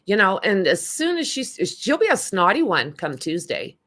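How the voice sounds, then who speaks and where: A woman hosts a casual livestream, bluntly and indignantly commenting while talking back to her chat. Her medium-pitched voice is sing-song and a bit bright, at a moderate pace.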